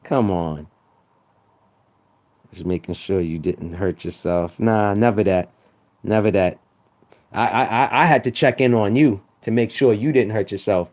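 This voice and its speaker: A man's voice: on the low side, a little slow, pauses often, a little mellow. A man trash-talking rival sports fans on a live stream, teasing and repeating himself for emphasis. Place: home room.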